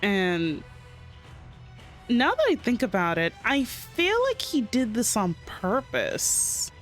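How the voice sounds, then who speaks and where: A woman's voice: on the high side, huge pitch swings, takes it slowly, faint music behind. A woman streamer chatting casually while reacting to a game, giggly and playful.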